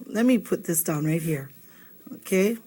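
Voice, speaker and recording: A woman's voice: lowish voice, lively intonation, a little slow, dark tone. A woman teaching a video language lesson, patient and checking in with listeners often. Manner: patient, checks in with frequent "okay?".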